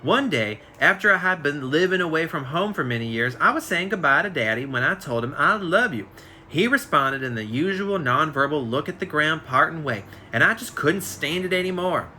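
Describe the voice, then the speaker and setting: A man reads a book aloud over a phone live stream in a relaxed, unpolished way. His voice is very bright and sharp, with slips and restarts along the way. A faint hum of noise sits underneath. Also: a little high, a little fast, few pauses. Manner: reads aloud with frequent slips and self-corrections. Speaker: reader. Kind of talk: casual live reading of a biography.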